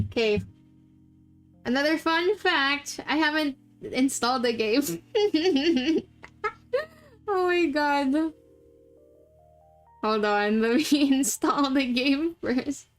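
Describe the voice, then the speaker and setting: A woman's voice: sits high, slow pace, long pauses, faint music behind. A young woman from the Philippines streaming live, chatting casually and laughing often while setting up a game. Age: young adult. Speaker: VTuber streamer.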